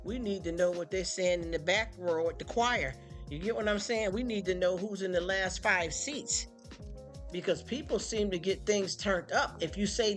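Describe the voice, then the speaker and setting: A woman's voice: mid-range voice, normal speed, soft background music. A woman hosting a live stream, venting bluntly to her chat and mocking people with put-on voices. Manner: blunt, fired-up, mocking impressions.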